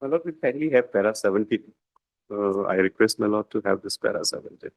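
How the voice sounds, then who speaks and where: A man's voice: on the low side, expressive, a little fast, no room sound, poor audio. Deferential male lawyer. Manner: deferential, repeats "my lord" often, hesitant with fillers. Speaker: defence lawyer. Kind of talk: courtroom argument.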